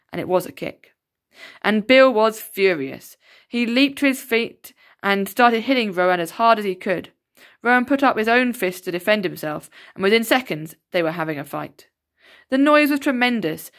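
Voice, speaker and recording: A woman reads a children's novel aloud with steady expression. Her voice sits in a middle pitch. She narrates evenly from line to line. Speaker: storybook reader.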